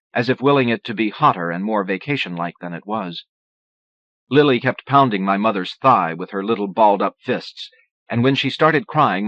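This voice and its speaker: Low-voiced male audiobook narrator. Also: no room sound. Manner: steady, measured reading. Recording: dull lo-fi cassette audio.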